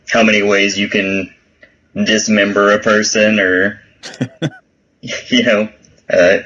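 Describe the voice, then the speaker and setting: A man's voice: fairly low pitch, fairly bright tone, muffled recording, a little hiss or hum. A man co-hosting a podcast in casual chat, laid-back, laughing often and swearing freely. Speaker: podcast co-host.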